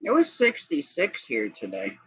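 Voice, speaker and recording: A man's voice: a little high, huge pitch swings, normal speed, breathy edge. A man hosting a livestream, chatting casually and rambling from one everyday topic to the next. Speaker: livestream host. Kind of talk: casual evening chat. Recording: dull lo-fi stream audio.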